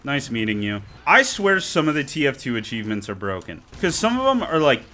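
A man's voice: medium pitch, big pitch swings, brisk, bright, forceful tone. A man giving joking, exclaiming running commentary over his own gameplay. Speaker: gaming video creator.

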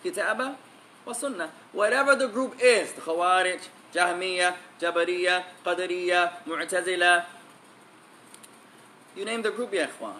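A man's voice: sits high, normal speed, bright, forceful tone, a little hiss or hum. A man giving an emphatic religious lesson, repeating key phrases and switching between English and Arabic. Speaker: Islamic teacher.

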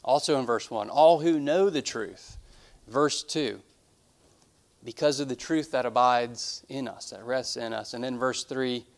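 Gravelly-voiced man preaching a sermon. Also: medium pitch, steady tone, measured pace, fairly bright tone. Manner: earnest, emphatic preaching with repeated phrases. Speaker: pastor. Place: church sanctuary.

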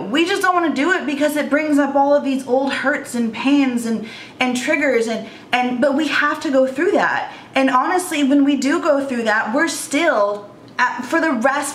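A woman in her thirties tells her story in an earnest, emotional way, often restarting her sentences. Her voice sits high. The room gives it a noticeable echo, with faint noise underneath. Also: fairly bright tone. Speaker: vlogger. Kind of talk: storytime vlog.

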